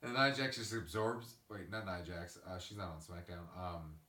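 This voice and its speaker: Male podcast host, deep-ish voice, profane ranter, roomy off-mic sound. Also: normal speed, far from the mic. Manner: ranting, profane, animated storytelling. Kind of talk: casual podcast chat. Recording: echoey room, away from the mic.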